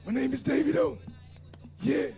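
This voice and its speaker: A man doing a quick impression of a male pop star with a husky voice. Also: extremely high pitch, dark tone, faint music behind, voice pushed up. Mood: hyped.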